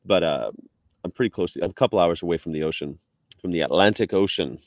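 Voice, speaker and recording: A man chatting away on a video call, playful and loose with his words. His voice sits on the low side, and the sound is very dry and close with no room around it. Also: no echo. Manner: chatty, playful, does quick impressions. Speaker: host. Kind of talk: casual chat. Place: on the road in Virginia.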